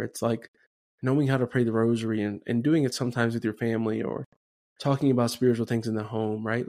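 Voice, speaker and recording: A man's voice: mid-range voice, a little mellow. A man hosting a Catholic reflection podcast, talking casually and conversationally, often tagging his points with "right?". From Denver area, USA. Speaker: podcast host.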